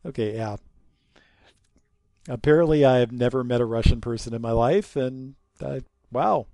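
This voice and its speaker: A young man giving casual gameplay commentary, joking and sarcastic, muttering quietly during stealth moments. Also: medium pitch, moderate pace, creaky, no room sound, studio quality. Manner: joking, sarcastic, drops to a mutter while sneaking. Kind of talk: casual let's-play commentary.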